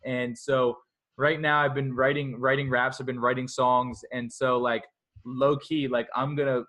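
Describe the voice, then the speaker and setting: Energetic young man talking fast and loose. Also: medium pitch. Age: 20s. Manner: energetic, rambling, heavy use of "like"; self-talk in a scolding inner voice. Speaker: interview guest. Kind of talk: casual podcast conversation.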